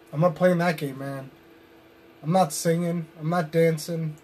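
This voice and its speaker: A man's voice: on the high side, steady tone, takes it slowly, a little hiss or hum. Intense man cutting a wrestling promo. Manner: brooding and intense, bursting into loud shouts. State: tired and drained. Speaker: pro wrestler.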